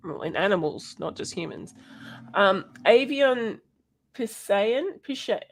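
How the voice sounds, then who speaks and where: A woman hosting a casual educational chat, halting often with ums and restarts and laughing now and then. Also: mid-range voice, animated. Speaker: podcast host.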